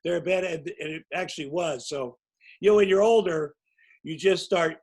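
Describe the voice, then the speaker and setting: A man's voice: a little high, moderate pace, darkish tone, poor audio. A man in his sixties telling long, rambling, self-mocking anecdotes as a guest in a casual interview. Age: 60s. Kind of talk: casual storytelling.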